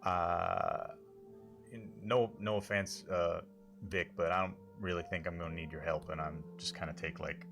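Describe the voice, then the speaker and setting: A man's voice: sits low, flat delivery, a little slow. A man playing a tabletop game in a laid-back, rambling way. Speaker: player. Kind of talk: casual in-character play. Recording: light background music.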